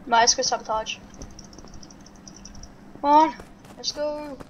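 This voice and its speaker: A woman with a fairly high voice talks through her game as she plays it, thinking aloud and urging herself on. Steady background noise hums under the recording. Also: slow, lo-fi sound. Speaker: gaming video host. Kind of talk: live gameplay commentary.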